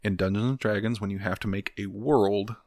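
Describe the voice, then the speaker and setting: A man co-hosting a casual podcast chat, animated and quick to laugh. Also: lowish voice, no echo, studio quality. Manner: animated, laughs often, slips into silly voices. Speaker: podcast co-host.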